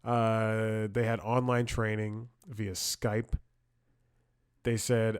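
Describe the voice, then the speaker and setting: A man with a fairly low voice talks through a comic monologue, circling back and restarting his sentences as he goes. He throws in mocking, sarcastic asides. The sound is dry and close, with no room echo. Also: steady tone, unhurried. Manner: rambling storytelling with frequent restarts and laughs. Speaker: comedy podcast host. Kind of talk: casual comedic monologue.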